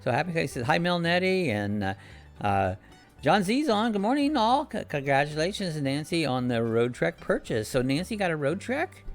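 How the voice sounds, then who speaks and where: A man's voice: fairly high pitch, very animated, normal speed, soft background music. A man hosting a casual live-stream chat from his home, rambling along and reading out viewer comments and greetings.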